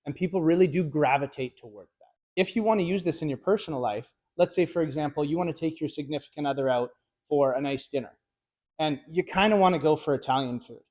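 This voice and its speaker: A man's voice: fairly high pitch, fast talker, darkish tone. A man in his thirties, a car sales trainer giving a casual, direct instructional talk to camera. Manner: casual, laid-back and direct.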